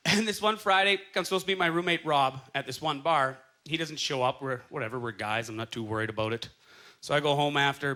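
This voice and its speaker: A Canadian man in his thirties performing a stand-up set, telling stories with quick acted-out quotes on a club stage. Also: fairly high pitch, sharp tone. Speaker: stand-up comedian. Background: faint audience laughter.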